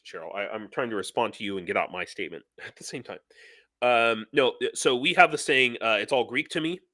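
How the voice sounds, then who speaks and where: A middle-aged man speaking at medium pitch hosts a live stream. He keeps things casual and energetic, meandering through his points with many fillers and restarts.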